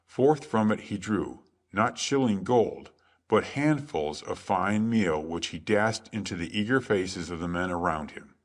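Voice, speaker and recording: A man reading a classic adventure tale aloud as calm, measured sleep story narration. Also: sits low. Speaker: audiobook narrator.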